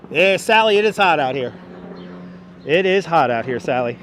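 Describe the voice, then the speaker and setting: A talkative man with a Brooklyn accent walks through a city park and chats to his livestream viewers as he goes. His voice sits a little high, and he speaks into a wireless clip-on mic. Faint city noise hums in the background. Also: expressive, normal speed, fairly bright tone. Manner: chatty, talks to viewers while walking. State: out of breath from walking uphill. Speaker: livestream tour guide. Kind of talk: walking livestream tour commentary.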